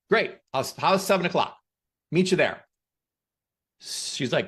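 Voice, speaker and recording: A man hosting a podcast who gives a motivational talk and tells stories in an emphatic, animated way. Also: on the high side, normal speed, pauses often, breathy edge. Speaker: podcast host.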